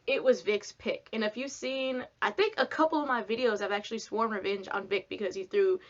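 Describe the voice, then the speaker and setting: A young woman from Texas, telling a casual storytime to camera in a chatty, animated way, acting out what people said. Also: mid-range voice, brisk. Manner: chatty, animated, lots of "like", acts out quotes. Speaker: vlogger. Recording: dull lo-fi sound.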